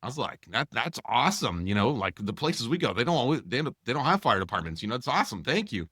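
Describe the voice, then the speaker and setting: A man co-hosting a podcast, telling a long anecdote in a casual, animated way and acting out the dialogue, with many fillers. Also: medium pitch, fast, no echo, studio quality. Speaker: podcast co-host. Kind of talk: casual storytelling.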